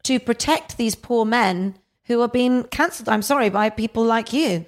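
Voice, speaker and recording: A pompous radio host with a haughty, self-satisfied manner, played by a woman. She talks over her guests with a slightly high voice, in an improvised comedy podcast. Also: moderate pace, close to an everyday voice. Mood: smug.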